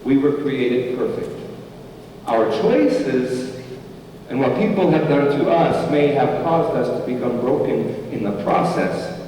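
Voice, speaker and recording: A man's voice: medium pitch, animated, slow, mellow, far from the mic, slight background noise. A man preaching a sermon as pastor, with an emphatic, repeating cadence. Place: church sanctuary. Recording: echoey hall, from afar.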